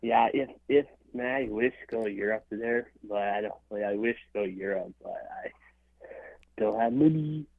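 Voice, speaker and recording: Halting male caller on a phone line. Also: lowish voice, dry recording. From California. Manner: hesitant, halting, repeats himself.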